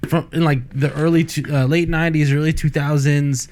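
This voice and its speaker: A man's voice: on the high side, level tone, brisk, darkish tone. A man co-hosting a casual film review chat, rambling with many restarts. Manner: rambling, frequent restarts and fillers. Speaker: podcast co-host.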